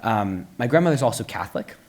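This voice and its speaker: A young man telling a personal story at a live book talk, lively with playful asides and frequent "um" fillers, turning soft and earnest at the close. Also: mid-range voice, fast talker, a little hiss or hum. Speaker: author and speaker. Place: stage at a live public talk.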